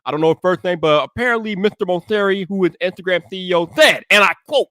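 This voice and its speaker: Laid-back bright-voiced male tech podcaster. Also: fast talker, few pauses, no room sound, studio quality. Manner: hypes up his intro with shouted, high-energy greetings; chatty, greets viewers by name in a laid-back slangy way. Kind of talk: casual live-stream podcast chat.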